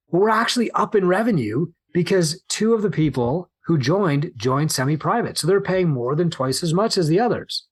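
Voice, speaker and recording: Husky guy doing a solo biz podcast, animated, plays out his own panicky thoughts. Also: fairly high pitch. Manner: animated, acts out worried inner monologues. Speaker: podcast host and gym business coach. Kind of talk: solo business podcast talk.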